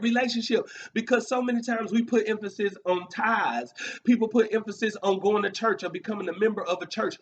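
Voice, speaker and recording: A man's voice: high voice, lo-fi sound. A man leading a Bible study, speaking earnestly, repeating key words for emphasis with frequent fillers. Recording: distant mic with faint background noise.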